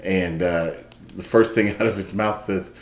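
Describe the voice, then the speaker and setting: Podcast guest: a deep-voiced man who tells stories with a lot of repeating, recorded in an echoey room. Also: normal speed. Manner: animated, breaks into laughter, repeats words. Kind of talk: storytelling in casual conversation.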